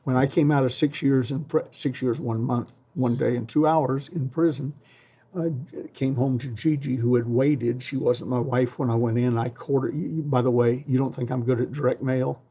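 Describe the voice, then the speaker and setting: An older man tells folksy stories and practical advice in a mellow, relaxed voice, pausing with ums and restarting his sentences. The recording sounds dull and slightly muffled. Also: medium pitch, husky. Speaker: interview guest, sales trainer. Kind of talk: storytelling advice.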